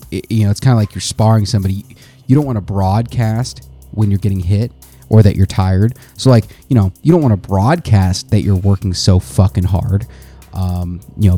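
A young adult man hosting a podcast, reading quotes aloud and riffing on them in a profane, animated way. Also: fairly low pitch. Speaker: podcast host. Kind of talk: casual podcast commentary.

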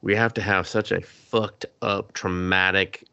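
A man's voice: deep voice, fairly even intonation, a little slow, creaky, sharp tone, smooth, no echo, dull audio. A man hosting a casual anime review podcast, swearing freely and acting out characters in quoted voices. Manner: profane, acts out characters in quotes. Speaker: podcast host.

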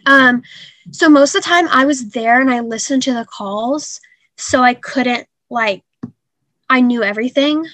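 A young woman telling a painful personal story in an interview, halting and earnest with many fillers. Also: sits high, a bit bright, dry recording. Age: young adult. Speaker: guest.

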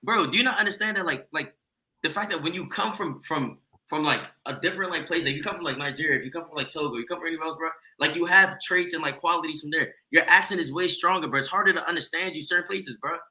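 Young college guy talking super fast, sharp bright voice, bro every other word. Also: on the high side, low-quality recording. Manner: rapid, restless, says "bro" nearly every line. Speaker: debate participant. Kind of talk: heated group discussion.

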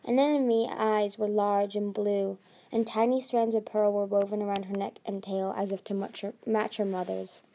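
A woman reading a fantasy novel aloud, slowly and haltingly, with frequent restarts. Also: medium pitch, little pitch movement, mellow. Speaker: audiobook reader. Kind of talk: amateur audiobook narration.

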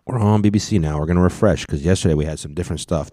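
A man's voice: low-pitched, racing, few pauses, warm tone, no room sound, studio quality. A man hosting a casual solo podcast, reading news headlines aloud and adding sarcastic commentary. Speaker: podcast host.

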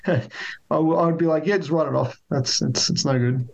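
A man's voice: a little high, a little fast, creaky, darkish tone, low-quality recording. A man chatting casually as a podcast co-host, rambling with lots of restarts. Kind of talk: casual chat.

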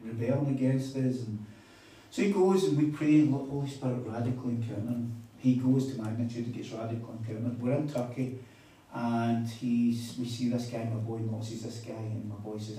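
A man preaching a sermon, telling a story in a chatty, animated way with quoted dialogue. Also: mid-range voice, normal speed. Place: conference hall on a weekend retreat. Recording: echoey hall, mic at a distance.

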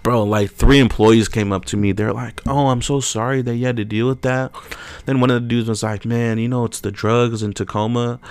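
A man's voice: medium pitch, normal speed, clear, resonant tone, dry recording. A young man, telling a story in a casual podcast chat and acting out the quotes. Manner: animated storyteller, acts out quotes loudly. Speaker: podcast co-host.

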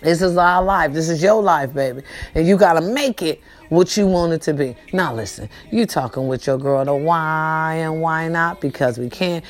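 Middle-aged woman vlog host, lively and swooping, profane and preachy, lowish voice. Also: moderate pace, hardly any pauses. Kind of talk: casual motivational talk to viewers.

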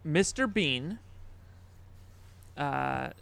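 A man hosting a casual chat, talking in halting bursts and laughing at himself. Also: on the high side, lively intonation, gravelly, fairly bright tone. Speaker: podcast host.

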